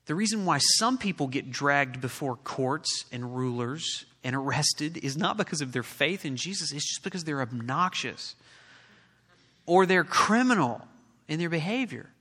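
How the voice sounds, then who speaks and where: A man's voice: a little high, expressive, normal speed, sharp tone. A man preaching a sermon as pastor, building his delivery to emphatic peaks. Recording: long reverb of a large hall.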